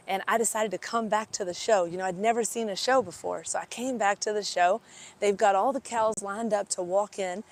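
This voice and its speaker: A woman's voice: mid-range voice, slight background noise. A woman with a blended Kentucky and Texas accent, telling a rambling story as an animal chiropractor, full of fillers and restarts. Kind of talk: casual storytelling vlog. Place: outdoors at fairgrounds.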